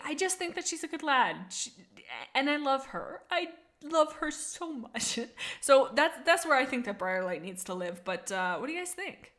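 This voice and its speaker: Excitable young woman streamer gushing to chat. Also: high voice. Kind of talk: casual live-stream chat.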